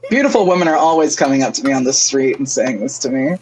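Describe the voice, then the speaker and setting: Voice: mid-range voice, expressive, quick pace, a crowd in the background, low-quality recording. A streamer in casual chat on a game stream who riffs on absurd jokes. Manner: joking, riffs on absurd bits.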